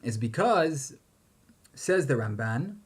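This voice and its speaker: A man's voice: mid-range voice, very animated, slow pace, husky. A man giving a Torah lecture, posing questions and chanting Hebrew verses with emphasis. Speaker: rabbi teaching Torah.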